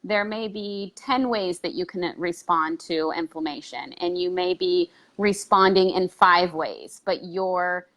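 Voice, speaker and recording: A woman's voice: lowish voice, fairly even intonation, measured pace, few pauses, fairly bright tone. A woman co-hosting a live health stream, speaking conversationally with some hesitations. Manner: conversational, hesitant with fillers and restarts. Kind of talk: casual live video talk.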